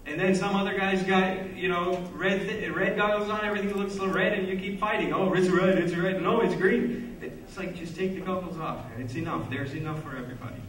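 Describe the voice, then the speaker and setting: A man's voice: sits high, fairly even intonation, brisk, hardly any pauses, fairly bright tone. A man giving an earnest, plain-spoken speech at a conference. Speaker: conference speaker. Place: conference hall. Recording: echoey hall, mic from far off.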